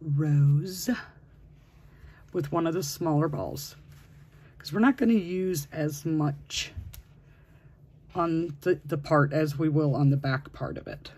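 Unhurried crochet instructor with a slightly husky voice, patiently counting stitches aloud in a step-by-step tutorial. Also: medium pitch, a little mellow.

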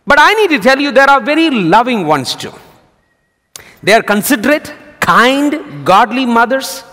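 A male pastor preaching a sermon, telling jokes as a lively storyteller. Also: very high-pitched, moderate pace. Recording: long hall reverb.

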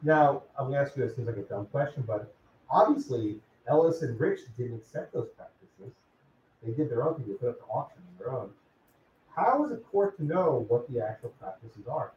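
A man's voice: mid-range voice, animated, normal speed, a little mellow, a little hiss or hum. A man teaching a law class, casually calling on students by name and asking them questions. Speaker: law professor. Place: lecture classroom. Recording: distant, echoey, dull classroom recording.

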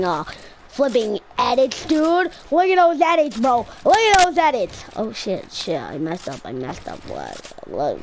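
A woman giving casual gameplay commentary in a loud, trash-talking way, swearing often and flipping between yelling and muttering. Her pitch bounces around a lot, and there is a faint hiss behind her. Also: vocal fry, rough recording. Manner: crude, rambling, swears and trash-talks; excitable, quick swings between yelling and muttering. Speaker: gaming streamer.

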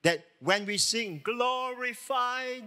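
A male pastor delivers a sermon in a high, bright voice that cuts through clearly. He leans hard on key words and keeps asking his listeners rhetorical questions. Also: expressive, a little slow. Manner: emphatic preaching with rhetorical questions. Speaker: lead pastor.

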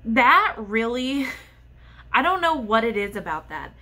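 A young woman sits and vents to her camera in a candid personal vlog. Her voice sits a little high and comes out frustrated and worked up, yet she stays open and direct. She talks from home in a plain, unscripted monologue. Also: big pitch swings, measured pace, sharp tone. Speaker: vlogger.

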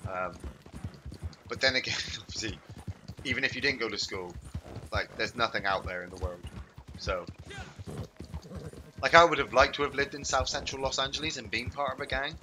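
A man's voice: medium pitch, moderate pace, long pauses, background noise. A man streaming a game, chatting loosely and swearing freely as he plays. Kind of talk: casual gaming chat.

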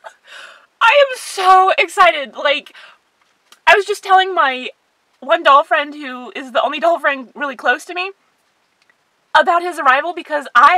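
A woman collector unboxing a doll in a vlog, gushing and squealing with excitement. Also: sits high, dry recording.

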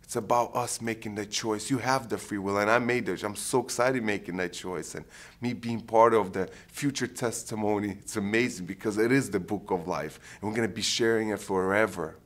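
Earnest man from Ukraine, low voice. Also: fairly even intonation, a little fast, fairly bright tone. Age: around 30. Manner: earnest, heartfelt, searching for words. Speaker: program participant giving testimony. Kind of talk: personal faith testimony.

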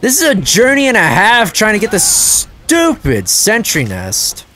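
A man giving live gameplay commentary as a channel host, excitable and prone to loud frustrated outbursts and swearing. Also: high voice, a little slow, slight background noise.

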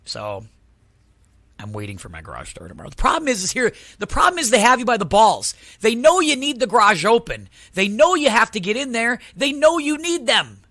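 A man's voice: extremely high pitch, brisk, no echo. Guy ranting on his podcast, voice jumping all over, dry close sound. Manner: animated ranting storyteller. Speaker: podcast host. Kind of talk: casual podcast chat.

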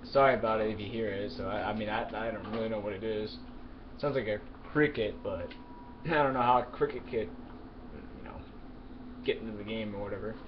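Guy playing a game and cursing at the characters, loud bursts then mumbles, muffled mic with hiss. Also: lowish voice, brisk. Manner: excitable, swearing, yelling at game characters; mumbling asides while looting. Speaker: gamer. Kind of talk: let's play commentary. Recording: dull lo-fi mic with clear background noise.

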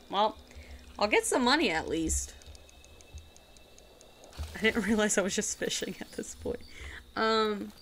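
A woman's voice: medium pitch, bright, forceful tone, a little hiss or hum. A woman streamer chatting casually while she plays a game, rambling and giggling as she goes. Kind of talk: casual gaming chat.

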